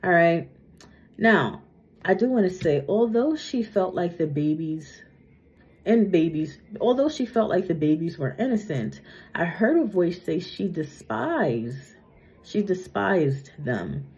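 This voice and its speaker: A woman's voice: lowish voice, lively intonation, a little slow, a little mellow. A young adult woman doing a psychic reading in a casual monologue, chatty, tagging sentences with "right?" and "okay?", her speech a little slurred from a retainer. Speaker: psychic medium. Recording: muffled lo-fi recording.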